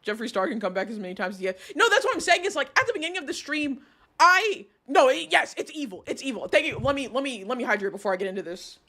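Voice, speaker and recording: A young woman talks through a live stream in casual commentary, her voice high-pitched and sharply bright. She rambles, restarts her sentences and swears as she gets worked up. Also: expressive, quick pace. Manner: rambling, heated and emphatic, frequent swearing and restarts.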